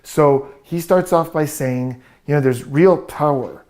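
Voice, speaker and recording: A man commenting on a video clip as a body language analyst, explaining gestures confidently in quick bursts. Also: mid-range voice, darkish tone.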